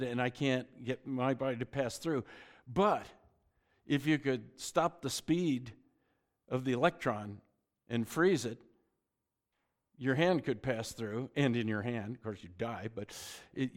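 A middle-aged man preaching a sermon, telling the story with joking asides and often restarting his sentences. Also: mid-range voice. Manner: frequent stammered restarts. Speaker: pastor.

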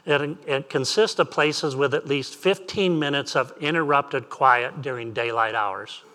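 A man's voice: mid-range voice, a little slow, hardly any pauses, bright, forceful tone. A man preaching an earnest sermon as pastor, repeating phrases and asking rising questions.

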